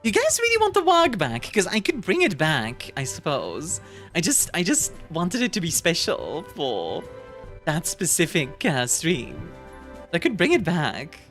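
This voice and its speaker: At a measured pace, a woman streamer reads viewer messages in a casual chat, her fairly low voice swooping wildly in pitch. She giggles, rambles, and restarts often. There's quiet background music.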